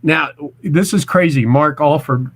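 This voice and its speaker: A man's voice: a little high, a little slow. A man in his forties from Missouri, telling casual stories as a guest, rambling with restarts and stammers. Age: 40s. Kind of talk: casual storytelling.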